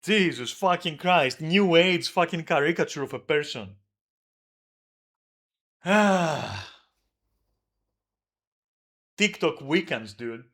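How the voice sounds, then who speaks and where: Male streamer, high bright voice, angry profane venting. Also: animated, slow pace, long pauses. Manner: heated, profane, yelling at times. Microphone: desk microphone.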